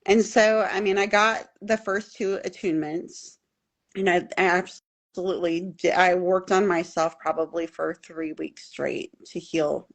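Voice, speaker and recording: Animated, earnest middle-aged woman guest. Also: lowish voice, unhurried, creaky. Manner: animated storytelling, acts out quoted voices; earnest and openly emotional. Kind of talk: casual interview chat.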